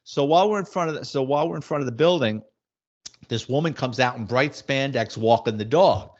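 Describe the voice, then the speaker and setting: A middle-aged former police detective, casually telling wisecracking anecdotes in a blunt way. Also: male voice, medium pitch, a little fast. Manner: blunt, wisecracking, acts out quoted dialogue. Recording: slightly muffled audio.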